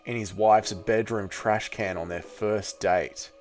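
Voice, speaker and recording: A man's voice: fairly low pitch, steady tone, takes it slowly, faint music behind. A man hosting a live fight watch-along stream, bantering with his chat in a casual, profane way.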